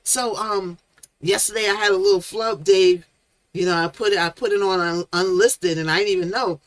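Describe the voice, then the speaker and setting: A woman's voice: mid-range voice, normal speed, no echo. A woman hosting a casual live stream, chatting with viewers by name and coining playful made-up words. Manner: chatty, reads chat names aloud, playful made-up words.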